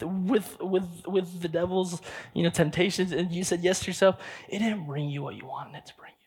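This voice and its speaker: A man's voice: on the high side, gravelly. A man preaching a sermon in a casual, emphatic way, often restarting his sentences.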